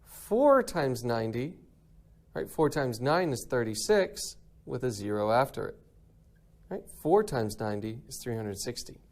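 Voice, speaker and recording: A man's voice: mid-range voice, very animated, a little slow, a little mellow. A man teaching a recorded math lesson in an upbeat way, often checking in with "right?".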